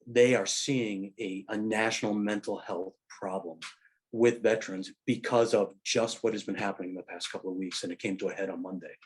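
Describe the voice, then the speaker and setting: A middle-aged man and military veteran in casual conversation, telling stories in a halting way full of fillers and restarts. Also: fairly low pitch, steady tone. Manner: rambling anecdotal storyteller.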